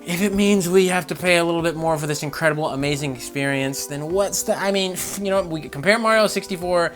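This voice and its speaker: Profane, animated man ranting about games. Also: fairly high pitch, fast, soft background music. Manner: animated, profane, laughing, swings between loud outbursts and mutters. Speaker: gaming channel host. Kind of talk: gaming news rant.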